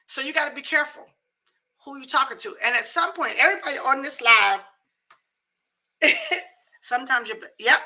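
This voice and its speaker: A woman's voice: high-pitched, normal speed, long pauses, pushed and bright, rough recording. A middle-aged woman hosting a live talk show, giving emphatic, folksy advice in a casual, preachy way.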